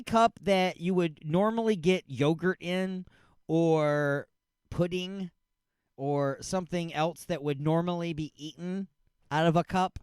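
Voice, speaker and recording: A high-voiced man hosts a radio show, rambling and cutting himself off mid-thought. He stays upbeat while reading sponsor spots, with music playing faintly behind him. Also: moderate pace, a little mellow, dry recording. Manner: rambling, self-interrupting, upbeat. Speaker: radio host. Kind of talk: casual radio chat with live ad reads.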